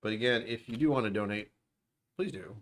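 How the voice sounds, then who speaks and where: A man's voice: fairly low pitch, fairly quick. A man hosting a casual livestream from home, rambling and sarcastic with self-deprecating asides. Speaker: livestream host. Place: at home, dishwasher running nearby.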